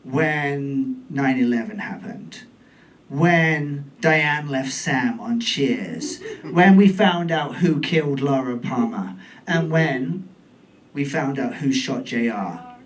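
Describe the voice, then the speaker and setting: A British man from England in his forties, performing a stand-up comedy set in a comedy club with a camp, animated delivery. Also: mid-range voice, takes it slowly, recorded from a distance. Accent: British English.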